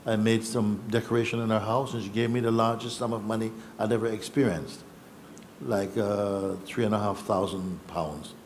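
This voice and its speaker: A man, a spiritual teacher telling his own story in a reflective, unhurried way with pauses and restarts. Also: fairly low pitch, darkish tone, slight background noise. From Jamaica. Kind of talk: personal storytelling.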